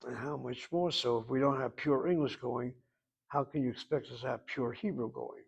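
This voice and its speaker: A man's voice: mid-range voice, moderate pace, vocal fry, breathy edge, rough recording. A man teaching a language class, patiently explaining at length and asking rhetorical questions. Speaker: Hebrew instructor.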